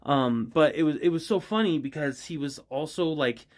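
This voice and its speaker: A man's voice: fairly high pitch, moderate pace. A man chatting casually about his characters, rambling and giggling, with lots of fillers. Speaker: voice actor vlogger. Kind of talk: casual chat.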